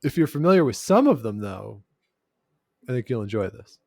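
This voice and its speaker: A man's voice: medium pitch, very animated, moderate pace, gravelly, darkish tone, dry recording, studio quality. A man co-hosting a podcast in casual chat, jokey and talkative, with filler "uh"s. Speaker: podcast co-host. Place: lives in Canada's capital.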